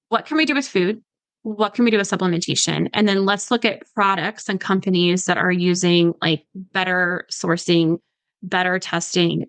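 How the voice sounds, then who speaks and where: Her voice sits on the low side with a fairly bright tone, and the poor-quality audio has no echo. She's a thirtysomething dietitian on a podcast, casually walking listeners through supplements, saying "like" constantly and imitating patients.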